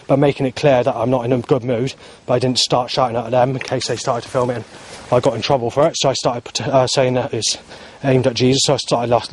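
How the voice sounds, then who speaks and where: A man's voice: medium pitch, a little hiss or hum. A man talking to camera outdoors in a rambling, agitated vlog monologue, full of fillers and restarts. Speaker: vlogger. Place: outdoors in the heat.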